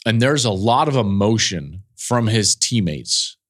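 A man with a somewhat low voice tells a story from the broadcast booth on his podcast. He speaks earnestly, building intensity as he goes, and his voice catches with feeling. He sounds middle-aged, recorded on a studio mic. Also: expressive, unhurried, fairly bright tone. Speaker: college football analyst and podcast host.

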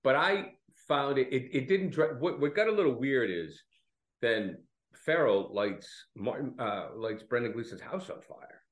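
Man, movie podcast co-host, casual chat, rambling, lively up-and-down pitch, echoey room. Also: a little slow. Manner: rambling, with false starts and self-corrections. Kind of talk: casual film discussion.

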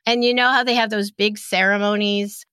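A woman's voice: mid-range voice, little pitch movement, moderate pace, bright, forceful tone, clear, resonant tone, dry recording. A woman co-hosting a casual history podcast, chatty and informal. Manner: chatty, uses "you know" often. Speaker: podcast co-host.

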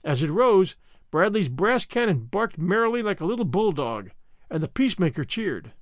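A man narrating an adventure story in an expressive storytelling manner. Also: high-pitched, moderate pace, no room sound, clean studio sound. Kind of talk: scripted narration.

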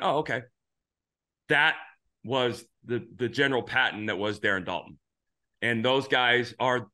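Bright-voiced rambling baseball talk host. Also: male voice, mid-range voice. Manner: rambling, frequent restarts. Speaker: podcast host, former pitcher. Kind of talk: casual sports talk.

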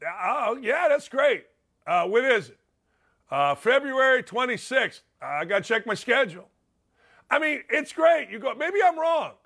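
A man's voice: very high-pitched, sing-song, unhurried, gravelly, pushed and bright. A man hosting a talk show, ranting in a blunt, fired-up way and repeating himself for emphasis. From Indiana. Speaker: radio show host. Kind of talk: opinionated talk show monologue.

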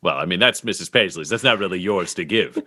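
A man's voice: low voice, brisk, pushed and bright. A man playing a tabletop game, chatting casually in a brash, joking way and swearing. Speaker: player.

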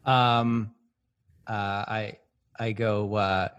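A man playing a character in a tabletop game, telling his part with laughs and halting restarts. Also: lowish voice, fairly even intonation, a bit bright, smooth, highs cut off. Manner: giggly, halting storytelling. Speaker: player. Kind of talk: casual tabletop play.

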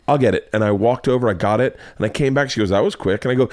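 A man's voice: mid-range voice, fast, few pauses, no echo. A middle-aged man telling family stories in a casual chat, swearing freely and acting out his kids' voices. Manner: animated, profane, acts out family voices. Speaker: podcast guest, husband.

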